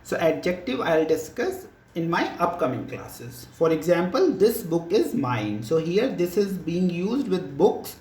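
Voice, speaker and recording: A teacher giving a recorded grammar lesson, explaining slowly and deliberately with many examples. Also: medium pitch, very animated, darkish tone. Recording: echoey room.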